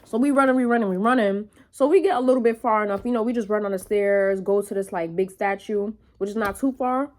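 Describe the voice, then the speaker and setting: A young woman vlogging in a casual, animated storytelling way, full of profanity and quick asides to her viewers. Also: mid-range voice.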